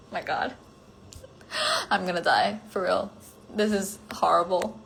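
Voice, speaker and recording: A woman's voice: mid-range voice, steady tone, extremely slow, gravelly, a bit bright, slight background noise, poor audio. A woman chatting casually on a phone livestream, answering fan comments. She is giggly and self-conscious, with lots of "like" fillers.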